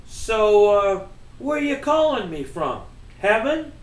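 Doubting young ballplayer, read by a man, sarcastic, high, lively, echoey. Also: slow, exaggerated voice. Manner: sarcastic, disbelieving.

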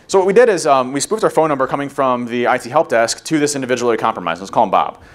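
Brief: male conference speaker, rapid-fire delivery, medium pitch, lively anecdotes with acted-out quotes. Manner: rapid, animated storytelling, acts out quotes. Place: conference room.

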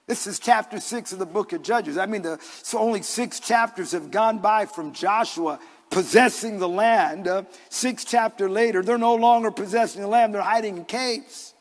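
A man's voice: high voice, normal speed, long reverb tail. A male pastor preaching a sermon in an earnest, conversational way, mixing scripture with personal stories, recorded in a church. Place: church sanctuary.

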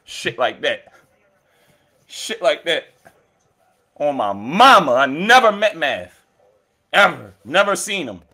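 Battle rapper, male, taunting trash talk, animated and unhurried delivery. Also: fairly high pitch. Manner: animated, taunting, swearing, laughing. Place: indoors with friends.

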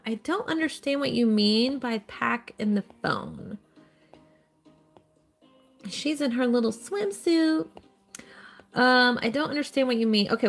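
A woman streams herself playing a game, reading her viewers' chat and answering them in an upbeat, chatty way. Her voice sits a little high. Soft music plays faintly behind her. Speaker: live-stream host playing a mobile game. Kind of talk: casual live-stream commentary.

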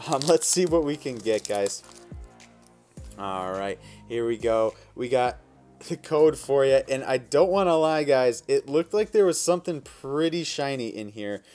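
A man with a high, light voice talks casually straight into a close mic, narrating each card as he opens packs. He sounds upbeat and keeps calling out to viewers as "guys." Soft music plays faintly underneath. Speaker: card-opening YouTuber. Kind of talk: casual card-opening vlog.

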